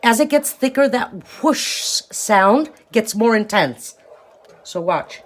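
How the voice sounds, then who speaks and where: Woman, cooking show host, fairly high voice, casual step-by-step explaining, echoey kitchen. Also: lively intonation, slow pace. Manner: chatty, explains step by step while stirring. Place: home kitchen.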